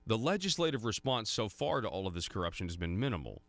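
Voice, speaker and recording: A man's voice: lowish voice, big pitch swings, quick pace, a bit bright, no echo. A man hosting talk radio, giving pointed commentary full of rhetorical questions and sarcasm, stumbling when he goes off script. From Arkansas.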